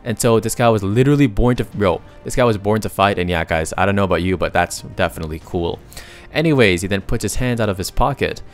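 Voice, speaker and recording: A man's voice: fairly low pitch, quick pace, faint music behind. A man narrating a comic story recap in a casual, slangy way, breaking off for joking asides to his viewers.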